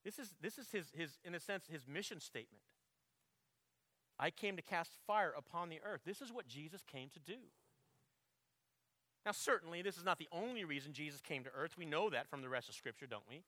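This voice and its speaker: Male pastor, higher-pitched and bright, emphatic sermon delivery, dry close sound. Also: animated, fairly quick, no echo. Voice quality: clears throat often. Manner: emphatic preaching, swelling loud on quotes, dropping low to reflect.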